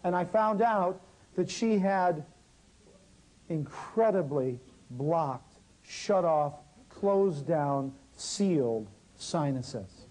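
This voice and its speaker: Man, fairly high mellow voice, workshop teacher who tells stories and talks straight to the room. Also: drawn-out words, poor audio. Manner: lively, talks straight to the audience. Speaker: natural healing teacher. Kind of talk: live workshop storytelling.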